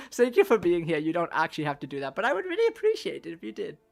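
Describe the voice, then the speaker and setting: A woman streaming a video game, chatting with viewers in a giggly, animated way. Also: on the low side, vocal fry. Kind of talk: casual live gameplay commentary.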